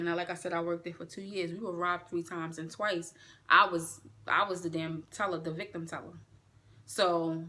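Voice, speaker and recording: Woman doing a storytime vlog, bright punchy voice, animated and cussing a lot. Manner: animated, profane, swings up in pitch when indignant. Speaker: vlogger. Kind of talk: storytime vlog, casual venting.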